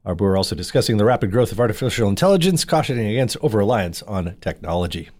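A man reading local radio news and weather in a brisk, clipped headline style. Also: fairly low pitch, big pitch swings, a little mellow. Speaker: newsreader.

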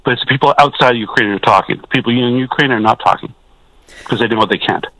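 A man's voice: mid-range voice, fast talker, fairly bright tone, dry recording, low-quality recording. A man calling in to a radio talk show, agitated and stammering through restarts. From Canada. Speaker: caller.

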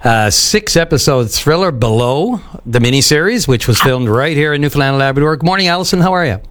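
A man's voice: fairly high pitch, animated, fairly quick, fairly bright tone. Easygoing male radio talk show host. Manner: conversational, loose, with fillers. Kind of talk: phone-in radio interview. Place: radio studio.

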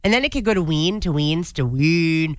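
A chatty woman co-hosting a radio show, talking in an easy, upbeat way and reading out messages from listeners. Her voice sits on the lower side. The sound is close and dry, with no room echo. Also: lively intonation, moderate pace, a little mellow. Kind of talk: casual radio chat.

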